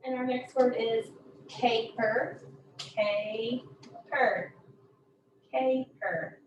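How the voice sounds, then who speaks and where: A woman teaching a phonics lesson, saying each word slowly and repeating it several times. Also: fairly high pitch, lo-fi sound, slight background noise. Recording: echoey room from a distance.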